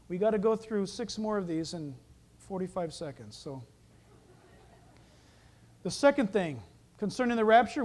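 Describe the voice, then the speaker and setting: High voiced guy preaching, really animated, throws in jokes as he goes. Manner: animated, joking asides. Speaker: pastor. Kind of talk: sermon.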